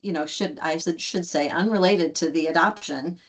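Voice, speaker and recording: A woman's voice: low voice, moderate pace. A woman, a guest and adoptive mother, telling a story in conversation and acting out the quoted lines with many restarts. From United States. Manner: animated, acts out quoted dialogue with restarts.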